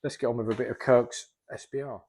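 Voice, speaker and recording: A man's voice: medium pitch, steady tone, quick pace, darkish tone, a little hiss or hum. A middle-aged man, a plasterer chatting casually in a vlog as he works and rambling off topic. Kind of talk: casual vlog talk while working.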